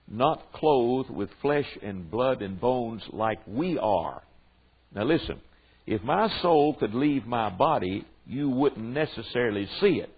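Older Southern preacher, husky, tinny recording. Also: male voice, medium pitch. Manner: drawn-out emphatic delivery with folksy asides. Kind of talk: sermon teaching to men.

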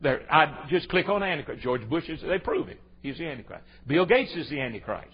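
A man preaching a folksy, emphatic sermon, jumping from loud exclamations to low asides. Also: sing-song, fairly quick, hardly any pauses, slightly rough. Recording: dull lo-fi sermon recording.

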